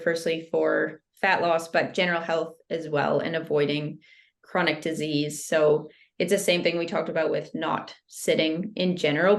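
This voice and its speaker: Low-voiced woman explaining health tips. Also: gravelly. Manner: steady, explanatory, uses "like" often. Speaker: health guest. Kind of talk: casual interview explanation.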